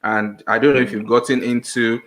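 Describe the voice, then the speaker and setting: A man's voice: mid-range voice, flat delivery, a little fast, fairly bright tone. A man from Nigeria in a casual podcast discussion over a video call, speaking hesitantly with restarts. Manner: hesitant, restarts, laughs easily. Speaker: podcast co-host.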